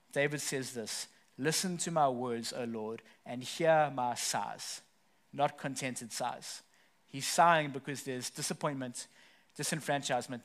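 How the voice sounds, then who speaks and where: Man preaching with rising passion. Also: mid-range voice. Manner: passionate preaching that rises to loud emphasis then drops soft. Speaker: pastor. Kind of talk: sermon. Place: church service.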